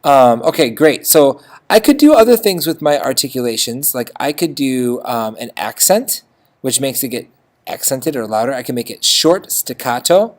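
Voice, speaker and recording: A music teacher gives a casual screen-recorded notation lesson in a very animated mid-range voice at normal speed. Chatty throughout, they check in with frequent "okay?" and sing short phrases of notes.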